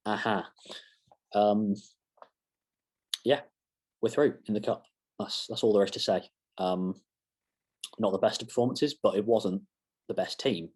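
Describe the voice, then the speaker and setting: Brief: deep, husky young male fan vlogger, chatty and self-deprecating, meanders off topic. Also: darkish tone. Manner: rambling, self-mocking asides. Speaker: fan channel presenter. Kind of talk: casual football match reaction.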